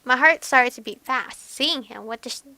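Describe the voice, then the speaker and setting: A woman hosting a let's play, reading a visual novel aloud and reacting in an animated, exclaiming way. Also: high-pitched, moderate pace, heavy background noise.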